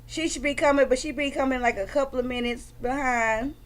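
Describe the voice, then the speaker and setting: This is a woman hosting a livestream. She chats casually and greets her viewers by name. Her voice sits a little high, and her delivery is animated. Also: brisk. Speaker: livestream host commenting on trial footage.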